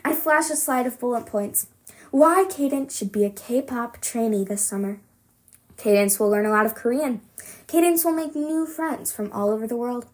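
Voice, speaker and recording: A woman reading a novel aloud for a podcast, expressive first-person reading with small slips. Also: on the high side, normal speed. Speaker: podcast reader.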